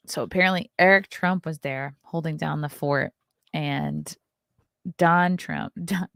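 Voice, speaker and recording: A woman's voice: low voice, creaky, a bit bright, clear, resonant tone, no room sound, studio quality. A woman hosting a casual live stream, reading news aloud and adding sarcastic asides to her chat. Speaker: show host.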